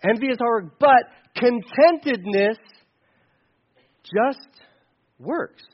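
A man's voice: extremely high pitch, animated, slow, highs cut off, a little hiss or hum. A man preaching conversationally on a Bible passage, rambling and playfully acting out examples. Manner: casual, rambling, with playful acted-out asides. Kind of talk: conversational sermon.

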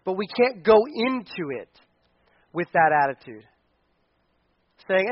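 A man's voice: fairly high pitch, lively intonation, normal speed, pauses often, no room sound, lo-fi sound. A male pastor preaching a conversational sermon, acting out quotes with energy.

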